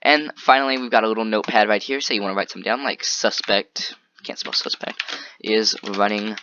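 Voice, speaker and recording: Fast-talking young man, casual tutorial. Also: steady tone, bright, forceful tone, highs cut off, slight background noise. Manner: rambling and offhand, with frequent "boom" and "anyway". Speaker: tutorial maker. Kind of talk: casual screen-recorded software tutorial.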